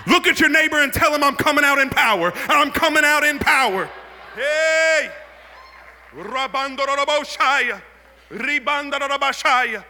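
Male pastor, high voice, very bright and forceful, sing-song shouting sermon, long hall reverb. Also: a little hiss or hum. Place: church hall.

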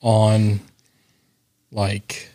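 A man's voice: lowish voice, completely flat delivery, very slow, dark tone. A man co-hosting a podcast from a cigar shop, talking casually and animatedly, laughing and swearing. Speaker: podcast co-host and editor. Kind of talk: casual chat.

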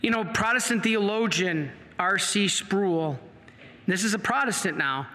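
A man's voice: high-pitched, unhurried, sharp tone. A middle-aged man, a priest, preaching with passion and telling a story, quoting the people in it. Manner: impassioned, storytelling with acted quotes. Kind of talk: sermon. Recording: long reverb of a large hall.

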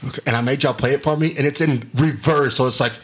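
A man, a former teacher, telling high school stories in a casual chat, animated and laughing often. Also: fast talker, heavy background noise.

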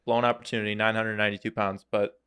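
A man's voice: on the low side, little pitch movement, fast talker, sharp tone, clear, resonant tone. Joking man hosting a casual podcast. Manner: joking, acts out imagined dialogue. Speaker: podcast host. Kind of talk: casual chat.

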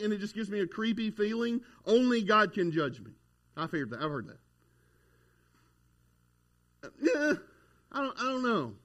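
High-voiced folksy preacher man. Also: sharp tone. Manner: folksy, conversational preaching with storytelling. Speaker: pastor. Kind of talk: sermon.

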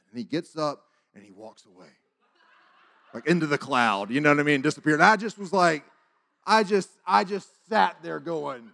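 A man preaching a testimony as a sermon, telling his story with acted-out dialogue and big swings between loud and hushed. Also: high-pitched, lively intonation, quick pace, gravelly.

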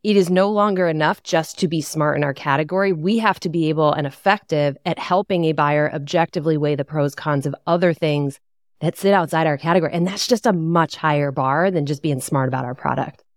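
Woman on a sales panel, really low voice, dry sound, making her points one after another. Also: fairly quick, no room sound. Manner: emphatic, builds points in lists. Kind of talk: roundtable discussion.

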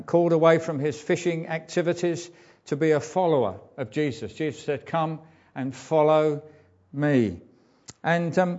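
A man preaching a sermon in a conversational, halting way, full of ums and uhs. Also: fairly high pitch, darkish tone, dull audio. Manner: hesitant, frequent ums and uhs; conversational, informal asides.

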